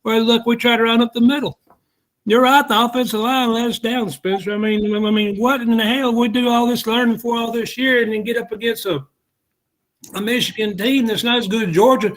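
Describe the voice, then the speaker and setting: A man with a very high voice talks sports in an exasperated, rapid-fire way. His complaints pile up one after another as he agrees with his co-host. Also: a bit bright, poor audio. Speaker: sports talk show co-host. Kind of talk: casual sports talk.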